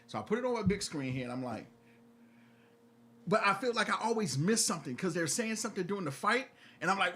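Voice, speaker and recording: A young man co-hosting a podcast in casual chat, animated and playful, often laughing as he tells stories. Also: a little high, fairly quick. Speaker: podcast co-host.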